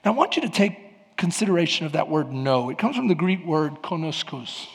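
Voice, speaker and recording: Man, pastor, sermon, lively swooping pitch, gravelly, emphatic shouts. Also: a little fast, long reverb tail. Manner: preaching with emphatic rises and sudden shouts. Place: church sanctuary.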